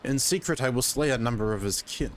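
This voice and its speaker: A man's voice: medium pitch, fairly quick, a little hiss or hum, natural voice. A man reading as a scheming male underling. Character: scheming male servant proposing a sly plot.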